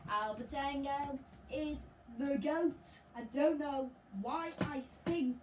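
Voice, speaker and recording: A woman talks her way through a football video game, reacting in a chatty, excitable way. Her voice sits a little high. A faint hiss runs under her voice. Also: slow. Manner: chatty and excitable, talking to herself over gameplay. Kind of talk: let's play commentary.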